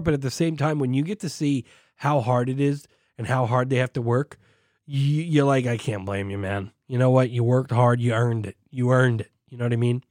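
A man's voice: mid-range voice, darkish tone, dry recording, studio quality. A young man hosting a casual beer podcast, rambling and joking at himself, with many fillers and restarts. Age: young adult. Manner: rambling, self-deprecating, lots of fillers and restarts. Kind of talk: casual chat.

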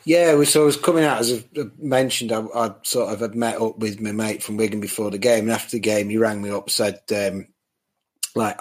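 A man tells a story in relaxed podcast chat. His voice is slightly husky, and his telling is lively and exasperated. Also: on the low side, fairly quick. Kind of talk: casual chat.

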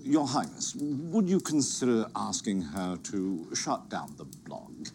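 A stiff royal adviser. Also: male voice, on the low side, very animated, slow, darkish tone, slight background noise, exaggerated voice. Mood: disapproving. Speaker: film character in a clip.

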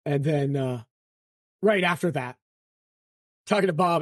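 A woman's voice: deep voice, a little slow, pauses often, no echo, studio quality. A woman co-hosting a book podcast in casual chat, full of "like" and restarts. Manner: chatty, lots of "like" and restarts. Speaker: podcast co-host.

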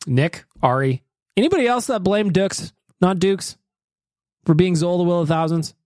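An easygoing podcast host chats and teases, laughing often. His voice is a little higher than usual and rises and falls in a lively way. The sound is close and dry. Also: normal speed, dry recording. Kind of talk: casual podcast chat.

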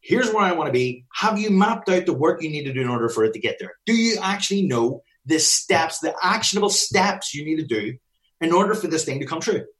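A man's voice: a little high, animated, brisk, fairly bright tone. A man talking as a fitness business coach in a casual chat, blunt and swearing often, acting out bits of dialogue.

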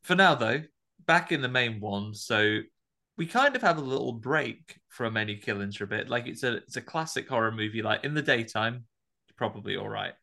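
A man's voice: medium pitch, animated, moderate pace, vocal fry, bright, forceful tone. A man co-hosting a podcast, recapping a film in a laid-back, casually sweary way. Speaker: podcast co-host.

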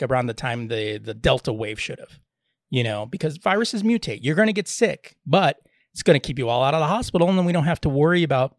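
A man's voice: medium pitch, dry recording. Podcast co-host, male, blunt and rambling, dry close-miked sound. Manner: rambling, blunt, many restarts. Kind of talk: casual chat.

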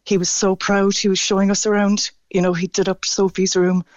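Halting, emotional male caller on a phone line. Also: high-pitched, little pitch movement, dry recording. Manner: halting, stammering, moved. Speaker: radio caller. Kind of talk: phone-in radio chat.

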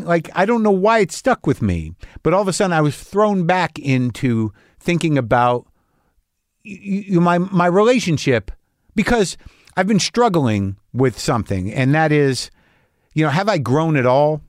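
A man's voice: on the high side, very animated, moderate pace, no room sound, clean studio sound. A middle-aged man hosting a podcast, talking in a candid, rambling, self-deprecating monologue with a lot of profanity. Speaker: podcast host. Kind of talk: casual monologue.

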